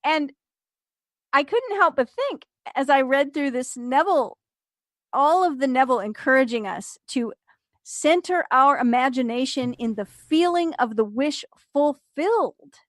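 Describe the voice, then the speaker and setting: A woman with a high voice chats casually on a podcast and retells a story with lively energy. She acts out the people in it and laughs along. Her voice is close and dry, with no room sound. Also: unhurried, dry recording. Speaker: podcast co-host.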